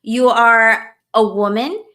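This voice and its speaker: Bright-voiced woman ranting heatedly. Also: on the high side, slow pace. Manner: heated, profane, lots of "like" fillers. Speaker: podcast co-host. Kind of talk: casual ranting chat.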